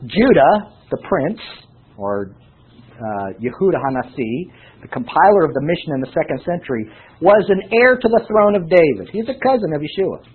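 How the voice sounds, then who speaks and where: A man preaching with a very raspy, husky voice that swings widely in pitch, sitting slightly high for a man. He teaches from scripture and keeps tossing rhetorical questions at his listeners. The sound is thin and tinny, like a phone line. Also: a little slow, long pauses. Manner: animated, rhetorical questions to the congregation. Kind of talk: sermon Bible teaching.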